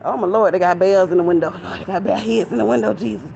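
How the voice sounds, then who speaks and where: Fast, creaky and warm at a medium pitch, a young woman's voice comes through lo-fi phone audio over traffic noise. Walking outdoors near a shopping center and out of breath, this young adult vlogger chats candidly, venting and rambling to her viewers.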